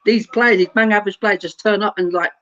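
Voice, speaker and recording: Easygoing man with a higher voice. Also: steady tone, fast talker, sharp tone, dull audio. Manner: easygoing, laughs often, reads out viewer comments. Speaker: show host. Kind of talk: casual football chat.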